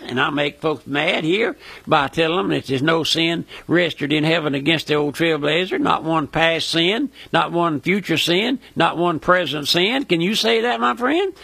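Older radio preacher, earnest and emphatic; bright, tense voice, very dry sound. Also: male voice, on the high side, vocal fry, slightly rough, no echo. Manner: earnest, repeats "my friend", emphatic rises. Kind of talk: radio sermon.

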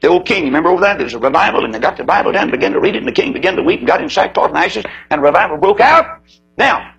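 A gravelly, husky-voiced preacher delivering a sermon with wild swings in pitch, from booming highs to low murmurs. He tells stories dramatically and acts out the voices himself. A steady mains hum sits under the recording. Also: fast, rough recording. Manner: dramatic storytelling with swooping pitch, acting out quoted voices.

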